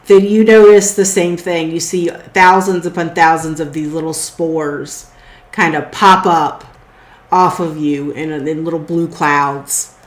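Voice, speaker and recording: A woman running a tabletop game as game master, describing scenes in a relaxed way with some fillers. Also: low voice, a little slow, roomy sound.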